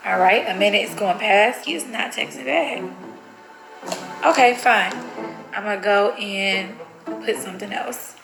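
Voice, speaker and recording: A young woman vlogs casually straight to the camera, chatty and giggly with her viewers. Her mid-range voice is gravelly, with a measured pace and long pauses. The recording has a roomy echo and faint music.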